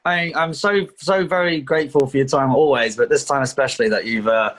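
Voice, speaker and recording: A man hosting a casual chat over a video call, playful and quick to cheer his guest on. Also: medium pitch, a bit bright, a little hiss or hum. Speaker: host.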